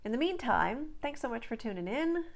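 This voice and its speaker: A woman's voice: a little high, big pitch swings, moderate pace, vocal fry. A woman accent coach giving a scripted lesson, carefully enunciating drill words and phrases.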